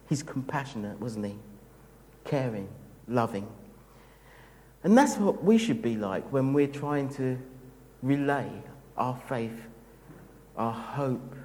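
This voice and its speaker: A man delivering a sermon at a slow, deliberate pace, his gentle and reflective words carried by a long reverb that rings around a large hall. His voice sits at an ordinary middle pitch. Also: slight background noise. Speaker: preacher.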